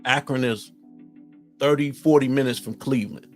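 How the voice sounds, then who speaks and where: A middle-aged man from Ohio with an Ohio accent, hosting a casual live-stream chat, reading viewer comments and answering them in an animated, folksy way. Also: medium pitch, moderate pace, faint music behind. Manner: animated, talks straight to viewers, folksy slang.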